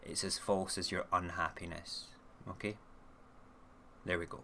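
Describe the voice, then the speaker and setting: A man's voice: deep voice, steady tone, a little slow, creaky, noisy background. A man hosting an online radio show, rambling casually through news stories and often checking in with "okay?". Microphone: camera mic, recording himself on video.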